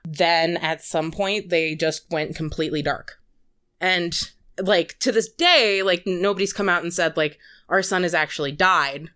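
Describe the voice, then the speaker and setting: Lowish smooth-voiced woman chatting, says like a lot. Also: unhurried, fairly bright tone. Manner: chatty, filler-heavy with lots of "like". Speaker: podcast guest. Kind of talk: casual chat.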